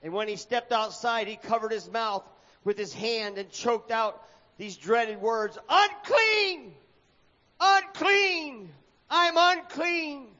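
A man's voice: sits high, fairly even intonation, a little slow. A man preaching a sermon, telling a story dramatically and acting out the characters' cries. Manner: dramatic, acts out shouted lines. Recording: dull echoey hall recording.

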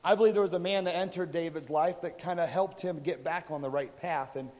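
A man's voice: a little high, fairly even intonation, a little fast, a little mellow. A man preaching a sermon, retelling a story in a casual, conversational way and voicing the people in it. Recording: reverberant hall.

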